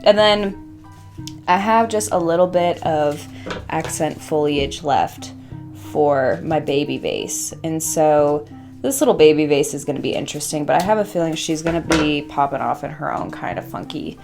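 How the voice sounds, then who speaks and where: Young adult woman vlogger, low-set voice, loose and chatty, swears offhand, soft music underneath. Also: moderate pace, vocal fry. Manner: chatty, playful, swears casually, talks to herself. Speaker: craft vlogger. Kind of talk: casual chat while arranging flowers. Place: home workstation.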